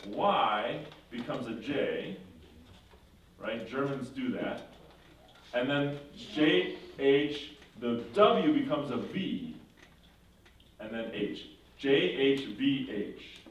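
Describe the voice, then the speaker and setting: A man's voice: mid-range voice, slight background noise. Brief: male confirmation teacher, casual and conversational, far from the mic in a roomy space. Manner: conversational, checking in with 'right?'. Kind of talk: casual classroom lesson. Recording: echoey room from far off.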